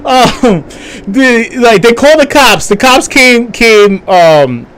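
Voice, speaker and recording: A man's voice: very high-pitched, animated, slow, a bit bright, a little hiss or hum. A young adult man telling a story on a live stream, swearing freely, stammering through restarts and laughing as he talks.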